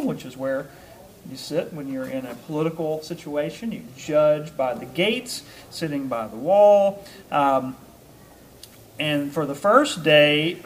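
Chuckling man teaching a Bible class. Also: fairly high pitch. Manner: reads a passage, then explains it conversationally with chuckles; casual, with frequent ums and uhs. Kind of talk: informal scripture teaching to a small group.

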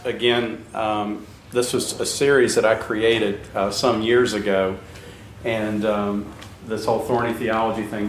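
A man teaching a Bible class in a relaxed, conversational way, with many fillers and jokes, asking the students questions. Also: medium pitch, slight background noise. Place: room with class present. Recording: very echoey room, mic at a distance.

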